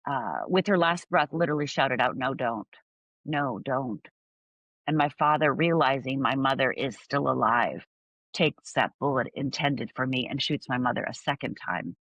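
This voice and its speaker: A woman's voice: extremely low pitch, expressive, normal speed, a bit bright, dry recording, rough recording. A middle-aged woman from Upper Michigan telling her life story as a guest, acting out voices and moments vividly.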